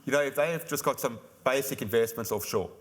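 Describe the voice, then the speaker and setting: Man, insurance expert guest on a conference panel; rapid, chatty explainer. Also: mid-range voice. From South Africa. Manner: fast, explanatory, chatty with "you know" fillers.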